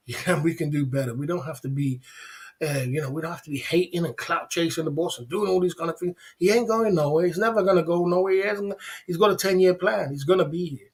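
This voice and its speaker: A man's voice: on the high side, quick pace, husky. A man hosting a casual livestream, talking in a preachy, repetitive way full of rhetorical questions. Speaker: livestream host.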